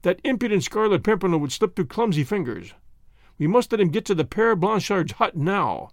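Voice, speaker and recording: A man's voice: sits high, sing-song, normal speed, dry recording, clean studio sound. A man voicing a scheming male revolutionary agent, clipped and commanding, full of impatient fury.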